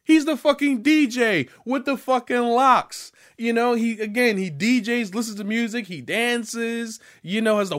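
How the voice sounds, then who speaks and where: Young male gaming vlogger, animated and profane, with a slightly high voice. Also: normal speed, hardly any pauses. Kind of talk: casual profane rant.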